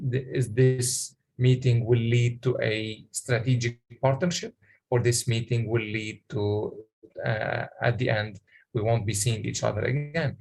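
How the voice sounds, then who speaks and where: A man presenting a workshop, explaining in a halting way with many pauses and questions to the audience. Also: medium pitch, vocal fry, a little mellow.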